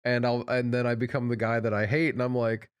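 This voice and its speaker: A man's voice: medium pitch, flat delivery, fairly quick, clear, resonant tone. A young man co-hosting a casual podcast chat, dry and self-mocking as he tells stories. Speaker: podcast co-host.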